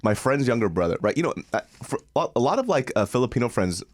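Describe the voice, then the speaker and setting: Animated laughing man telling stories. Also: mid-range voice, fast. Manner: animated storyteller, loud laughing impressions. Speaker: podcast co-host. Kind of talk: casual podcast chat.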